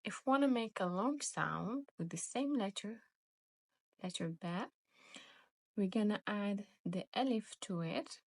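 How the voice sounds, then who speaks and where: A woman's voice: medium pitch, lively intonation, unhurried, darkish tone, no echo, studio quality. A woman teaching beginners to read, explaining step by step and repeating each sound twice. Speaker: Arabic teacher. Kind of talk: slow step-by-step reading lesson.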